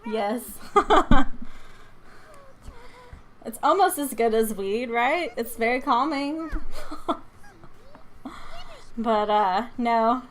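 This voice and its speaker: A woman with a North Georgia Southern accent chats with her viewers as she plays. Her voice sits a little high, and she keeps breaking into giggles as she jokes along. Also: expressive, very slow, long pauses. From North Georgia, USA. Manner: giggly, chatty, jokey. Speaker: live streamer. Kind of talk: casual live-stream chat while playing.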